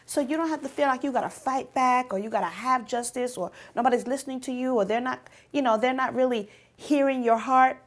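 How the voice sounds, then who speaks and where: A woman teaching a youth ministry lesson, with a fairly high voice. She talks straight to the teens and says each main point twice so it sticks. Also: brisk, hardly any pauses. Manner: emphatic, repeats key points; direct, addresses teens.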